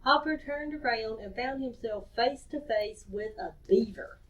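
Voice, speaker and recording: A woman reading a story aloud to children in a cheerful, expressive way. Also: a little high, unhurried. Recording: distant dull lo-fi recording.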